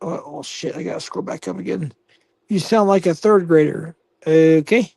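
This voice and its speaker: A man's voice: on the high side, moderate pace, vocal fry, darkish tone, breathy edge, no room sound. A man hosting a casual livestream, reading chat comments aloud with profane, mocking banter. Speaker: livestream host.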